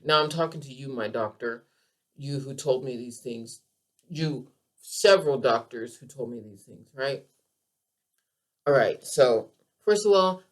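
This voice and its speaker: A woman talks straight to her listeners on her own podcast as a keto coach. Her delivery is emphatic and animated, full of passion. She repeats phrases to drive each point home. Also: very deep voice. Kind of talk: passionate health monologue.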